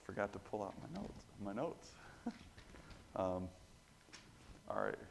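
Earnest lowish-voiced male preacher. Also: big pitch swings, a little slow, creaky, pauses often, a little hiss or hum. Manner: earnest, emphatic, swells louder on key points. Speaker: pastor. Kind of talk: sermon.

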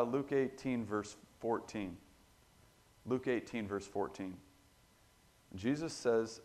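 A man preaching a sermon in an earnest, emphatic way, getting louder on his key points. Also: medium pitch, slow, long pauses. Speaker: pastor.

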